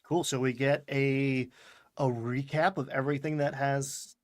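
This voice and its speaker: A man's voice: mid-range voice, level tone, a little slow. Chatty man rambling through a show recap. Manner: chatty, rambling, laughs often, acts out lines in voices. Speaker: podcast host recapping a show. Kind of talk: casual chat.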